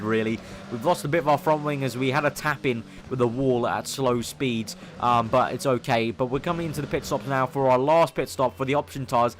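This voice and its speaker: A young man giving eager play-by-play commentary over his own racing game, getting excitable when he overtakes. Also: medium pitch, a little hiss or hum. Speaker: gaming commentator.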